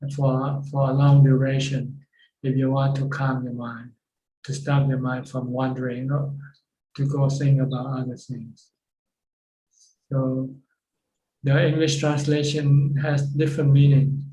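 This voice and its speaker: A man teaching as a Buddhist monk, answering questions over a video call in a plain, halting way. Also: mid-range voice, level tone, warm tone, echoey room, a little hiss or hum, poor audio. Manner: plain, repeats words while searching for phrasing. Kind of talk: dharma talk answering questions.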